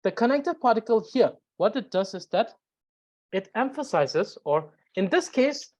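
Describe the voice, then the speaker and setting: A woman's voice: fairly high pitch, sing-song, moderate pace, darkish tone. A woman teaching a grammar lesson, explaining step by step with frequent fillers and repetition. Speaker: language teacher.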